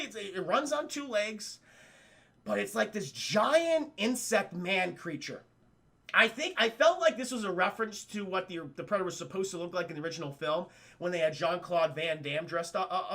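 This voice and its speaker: A man recapping a film live for his stream chat, excitable and freely profane. His voice is high and gravelly, with a bright, sharp tone.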